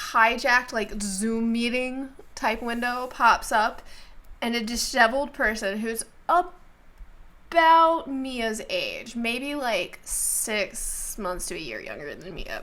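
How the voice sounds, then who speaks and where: Slow-paced woman game master. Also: a little high, bright, forceful tone. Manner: descriptive, unhurried narration with fillers. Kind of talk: narrating a tabletop game.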